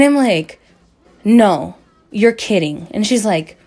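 A woman's voice: mid-range voice, unhurried. A young woman casually telling a story, swearing a lot and acting out the voices of the people she quotes. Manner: profane, animated, acts out quoted voices.

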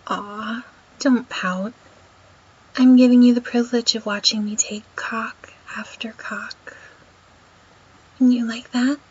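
A woman in a whispered role-play, talking in a domineering, teasing way with a breathy voice. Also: on the high side, little pitch movement, a little mellow. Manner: domineering and teasing, slow and deliberate. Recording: dull lo-fi recording.

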